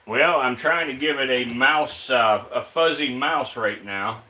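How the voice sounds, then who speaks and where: A man casually chatting on a live stream while handling and feeding his snakes, reading out viewer questions in a relaxed drawl. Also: medium pitch, a little slow, rough recording. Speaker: reptile keeper streaming live.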